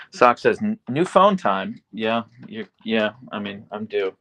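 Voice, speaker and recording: Creaky-voiced man chatting on a live stream. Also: on the low side, sing-song, slow, fairly bright tone. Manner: chatty, easygoing, talks to his dogs between comments. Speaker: livestream host. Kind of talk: casual live chat reading viewer comments. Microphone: phone.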